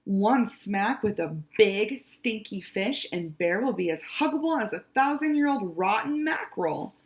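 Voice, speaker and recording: Woman doing a huffy plotting skunk, grumbly, slowed-down delivery. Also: mid-range voice, animated, close to an everyday voice. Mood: scheming. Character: grumpy scheming male skunk.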